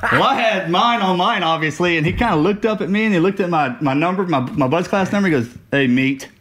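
Man, former SEAL, casual talk, higher-than-usual voice, animated storyteller. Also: a little fast, a little hiss or hum. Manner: animated storyteller, laughs through punchlines. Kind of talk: casual conversation, war stories.

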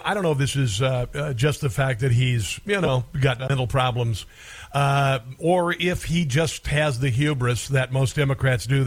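A man hosting a talk radio show, giving sarcastic and combative commentary. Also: mid-range voice.

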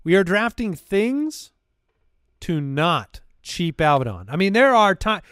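High, lively-voiced male podcast host. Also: clean tone, no echo, clean studio sound. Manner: loose, joking, quick to laugh. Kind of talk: casual comedic chat.

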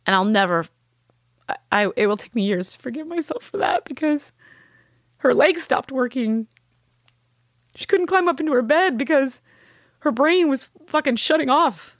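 A woman, a podcast guest, telling a painful personal story candidly, with halting restarts and blunt swearing. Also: high voice, lively intonation, no echo, clean studio sound.

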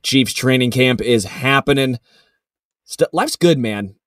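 A man's voice: medium pitch, animated, slow, a bit bright, no room sound. Easygoing man, a bit off-mic. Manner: easygoing, upbeat, storytelling, reads a sponsor spot. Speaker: podcast co-host. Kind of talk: casual sports podcast chat. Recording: dry, a bit distant from the mic.

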